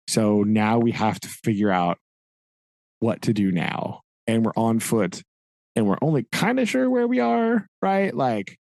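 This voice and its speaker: A man's voice: mid-range voice, a little mellow, no room sound. A man co-hosting a podcast, retelling a book's plot in loose, rambling chat. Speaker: podcast co-host. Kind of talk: casual book-club chat.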